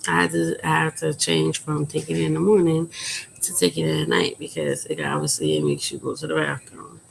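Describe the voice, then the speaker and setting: A woman in her thirties talking frankly and at length in a personal vlog, keeping her voice quiet and subdued and rambling with many fillers. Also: low voice, animated, a little fast, gravelly, a little hiss or hum, low-quality recording. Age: 30s. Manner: quiet, subdued speaking volume. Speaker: vlogger. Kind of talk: candid personal vlog talk.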